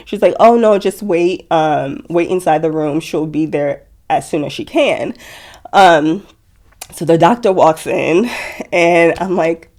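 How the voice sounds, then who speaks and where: A young woman telling her story as a guest in an interview, speaking softly with many fillers and quoted dialogue. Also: low voice, a little slow. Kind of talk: emotional personal interview.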